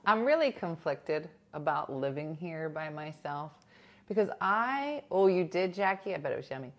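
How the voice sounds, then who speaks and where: A chatty woman hosts a casual livestream from home, spinning stories and reading viewers' comments. Her somewhat low voice swings widely in pitch as she acts out what others said. She laughs often between lines. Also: very animated, normal speed, a little hiss or hum. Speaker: livestream host reading chat. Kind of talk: casual chat. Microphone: new desk mic.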